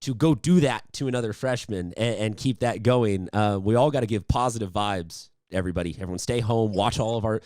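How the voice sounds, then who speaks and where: A man's voice: fairly low pitch, fairly quick, hardly any pauses, a little mellow, dry recording, studio quality. A man hosting a sports interview, upbeat and chatty, rambling with restarts. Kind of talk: casual interview.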